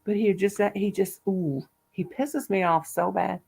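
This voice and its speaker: A woman's voice: mid-range voice, unhurried, gravelly, a little mellow, husky. An older woman vlogger, chatty and salty, telling home stories with frequent laughter. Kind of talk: casual chat, storytelling.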